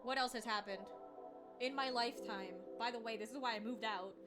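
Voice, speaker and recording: A woman's voice: fairly high pitch, brisk, music in the background. A young woman streamer telling stories in casual chat, swearing often, rambling and laughing as she goes.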